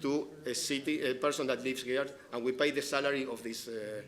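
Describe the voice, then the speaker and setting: A man giving public comment at a city meeting, halting and repeating himself while pressing his complaints. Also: medium pitch, steady tone, a bit bright.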